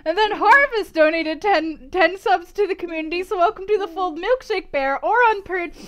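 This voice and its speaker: A woman's voice: very high voice, normal speed. A woman livestreaming, giggling and gushing as she thanks viewers and reads out long lists of names.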